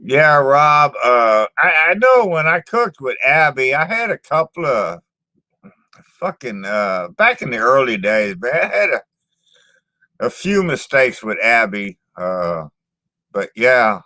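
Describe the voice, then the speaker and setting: A man talks slowly and bluntly to his channel's viewers, full of swearing and doubled-up words. His voice is bright and forward. The recording is dry and close. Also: mid-range voice, very animated, dry recording. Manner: blunt, profane, repeats words and says "man" a lot. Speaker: channel host reading live chat. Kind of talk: casual live-stream chat.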